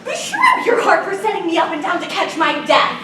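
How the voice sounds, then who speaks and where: A woman's voice: extremely high pitch, wildly swooping pitch, brisk, noisy background, full character voice. A woman acting the part of a fussy, teasing old nurse in a live stage play, groaning and laughing through her lines. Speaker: stage actor. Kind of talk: live student stage performance. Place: theater stage. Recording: echoey hall from far off.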